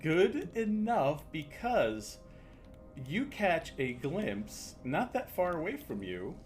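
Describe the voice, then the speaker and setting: A man narrating as dungeon master in a casual tabletop game, halting with fillers and often laughing. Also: fairly high pitch, huge pitch swings, faint music behind.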